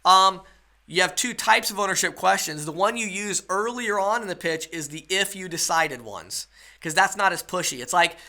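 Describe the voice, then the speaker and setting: A man's voice: sits high, normal speed, sharp tone. A man teaching a webinar sales lesson, coaching his listeners and checking in with rhetorical questions. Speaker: sales trainer.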